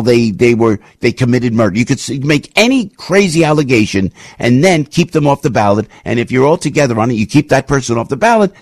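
A male radio show host delivering an impassioned, ranting commentary monologue, full of rapid restarts, into a studio microphone. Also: mid-range voice, darkish tone, dry recording.

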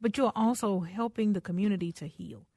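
A woman's voice: mid-range voice, brisk, mellow, no room sound, clean studio sound. A woman hosting a radio talk show, exuberant and teasing, often laughing as she talks. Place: radio studio.

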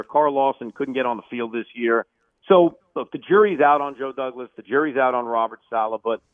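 Opinionated sports radio guy going off on the phone, tinny line, dry sound, gets loud in bursts. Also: mid-range voice, no echo. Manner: emphatic, opinionated, animated bursts. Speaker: sports radio host, guest.

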